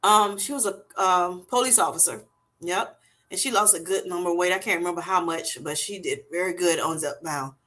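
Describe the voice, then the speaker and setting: Speaking fairly quickly in a low-leaning voice with a fairly bright tone, a woman hosts a laid-back livestream. She reads her viewers' comments out loud in a chatty way, leaning heavily on "you know" and "y'all."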